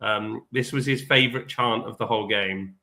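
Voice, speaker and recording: A man telling a football-trip story in casual podcast chat over a remote call, animated and quick to laugh. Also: lowish voice, gravelly, rough recording. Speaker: podcast co-host. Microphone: remote livestream call.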